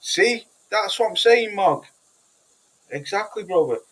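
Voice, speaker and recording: A man's voice: high-pitched, expressive, a little slow, a bit bright, breathy edge, poor audio. A man with a Cheshire English accent, hosting a livestream and chatting casually with viewers in a blunt, sweary, rambling way full of restarts. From Cheshire, England. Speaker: livestream host. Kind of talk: casual livestream chat reading comments.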